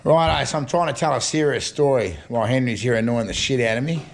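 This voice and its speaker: Gravelly older Australian man spinning yarns. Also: mid-range voice, quick pace, slight background noise. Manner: rambling, chuckling, full of local slang. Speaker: storytelling vlogger. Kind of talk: casual yarn-spinning.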